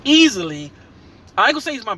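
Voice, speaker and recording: Excited high-voiced man rambling a movie review. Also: fast, husky. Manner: excited, rambling with many restarts and slang. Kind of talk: casual reaction review.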